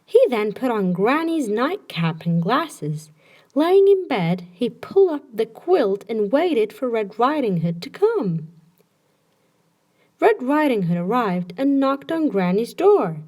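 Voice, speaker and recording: A woman narrating a children's bedtime story with slow, expressive storytelling. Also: fairly high pitch.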